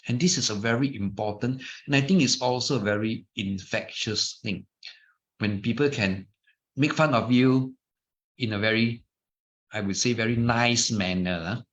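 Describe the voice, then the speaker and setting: A man's voice: mid-range voice, normal speed, a bit bright. A middle-aged man with a Malaysian English accent, giving an informal dharma talk full of anecdotes, chatty with restarts and asides. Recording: muffled lo-fi recording.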